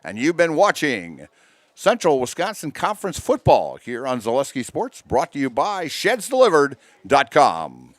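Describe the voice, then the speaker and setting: A man's voice: medium pitch, unhurried, no echo. Rambling small-town football announcer, a man. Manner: relaxed, rambling, many "uh" fillers. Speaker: play-by-play announcer. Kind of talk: sports commentary and sign-off.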